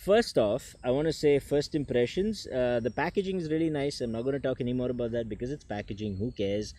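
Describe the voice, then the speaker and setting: A man's voice: mid-range voice, a little fast, mellow. A man doing a casual tech unboxing vlog, chatty and joking, talking to the camera. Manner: chatty, self-deprecating, jokes aside. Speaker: tech reviewer. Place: indoors with people nearby.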